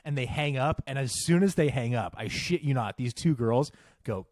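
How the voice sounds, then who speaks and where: A man's voice: medium pitch, lively intonation, normal speed, a little mellow, no echo, clean studio sound. A young man co-hosting a casual podcast, telling a story in a profane, ranting way. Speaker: podcast co-host. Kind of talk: casual chat.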